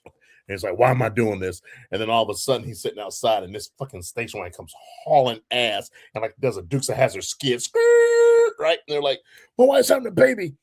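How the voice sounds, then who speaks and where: A man's voice: fairly low pitch, quick pace. A man co-hosting a casual podcast, telling a story with lots of swearing. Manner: lively storyteller, swears freely. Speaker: podcast co-host. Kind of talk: casual chat.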